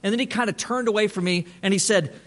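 Man, pastor, sermon storytelling, conversational, frequent restarts, high bright voice. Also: fast.

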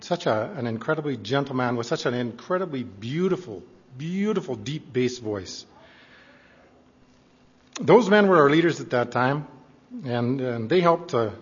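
A man's voice: mid-range voice, slightly rough. An older man fondly recounting church memories to a congregation, in an earnest storytelling manner. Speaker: church member addressing congregation. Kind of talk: reminiscing speech to a congregation. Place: church hall. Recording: echoey hall, dull lo-fi sound.

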